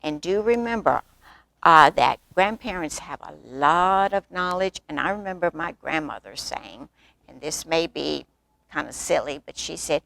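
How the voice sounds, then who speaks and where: A woman storyteller reading a picture book aloud to children, lively and asking them questions along the way. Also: deep voice, a little slow, creaky. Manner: animated, asks the children questions.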